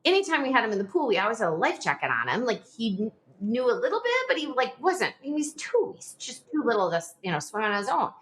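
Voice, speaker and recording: A woman in her forties, a podcast guest telling a personal story in a rushed, animated way, full of "like" fillers. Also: on the high side. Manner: animated, talks in a rush with frequent "like" fillers.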